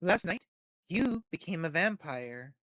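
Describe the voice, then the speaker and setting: A poised female vampire patron who speaks in a measured, coolly confident way, offering her terms calmly, as a game streamer reads her lines aloud. The voice stays in a middle register. The sound is dry and close, with no room echo. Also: mid-range voice. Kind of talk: reading game dialogue aloud.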